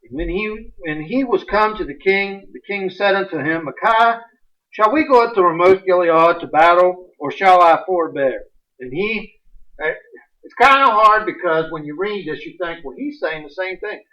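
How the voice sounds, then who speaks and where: A high, bright-voiced man preaching with folksy, animated energy, reading scripture aloud and punching certain words hard. He sounds set back from the mic, and the livestream audio is muffled and dull. Bright and forceful in tone throughout. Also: normal speed, far from the mic. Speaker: pastor. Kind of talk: sermon.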